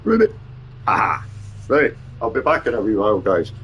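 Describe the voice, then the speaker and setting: A man's voice: lowish voice, lively intonation, fast, muffled recording, a little hiss or hum. A man streaming casually, talking in a playful, rambling, fatherly way. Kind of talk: casual stream chat with his child.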